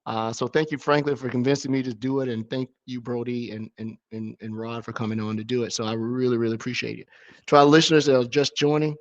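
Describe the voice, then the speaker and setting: A middle-aged man hosting a podcast, talking in a relaxed, rambling way with restarts. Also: mid-range voice, fast talker. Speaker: podcast host. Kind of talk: casual podcast chat. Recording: slightly dull lo-fi audio.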